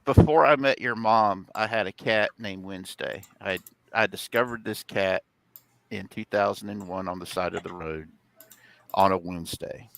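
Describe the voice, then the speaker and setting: A man's voice: on the low side, moderate pace, creaky, a bit bright, slight background noise. A middle-aged man telling rambling stories in casual chat on a home live stream, laughing often. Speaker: host, father.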